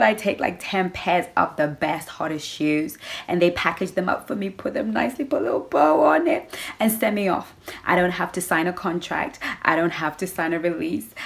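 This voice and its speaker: A woman vlogger chatting casually to camera about relationships, animated and sassy, acting out little scenes and calling her listeners girl. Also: on the low side. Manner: animated, acts out little scenes with playful voices. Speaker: vlogger giving relationship advice.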